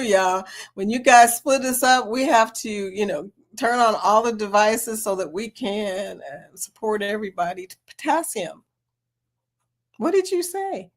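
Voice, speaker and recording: A middle-aged woman hosting a casual livestream, reading the chat and talking with viewers in an animated way, laughing often and calling them girl and y'all. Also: medium pitch.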